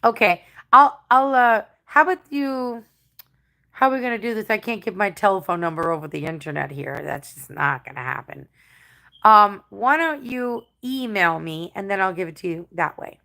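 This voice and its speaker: A woman's voice: medium pitch, a little fast, vocal fry, a bit bright. A woman in her forties with an English accent, chatting bluntly and profanely to her livestream viewers, answering comments. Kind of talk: casual livestream chat.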